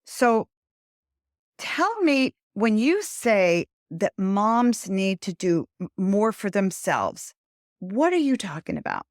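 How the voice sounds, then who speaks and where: An older woman hosting a podcast interview, talking earnestly and adding lively emphasis when she gives advice. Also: mid-range voice, slow, dry recording, clean studio sound. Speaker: podcast host. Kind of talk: conversational interview.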